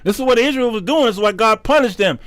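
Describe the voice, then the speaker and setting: High-voiced colloquial preaching man. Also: animated, fast talker, fairly bright tone, no echo. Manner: emphatic, colloquial, repeats words. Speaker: talk show host teaching the Bible. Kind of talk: Bible teaching sermon.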